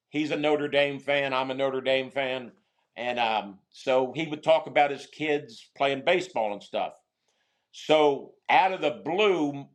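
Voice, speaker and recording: A middle-aged man, a guest on an interview show, telling a long prison story in a halting, rambling way with many restarts. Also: medium pitch.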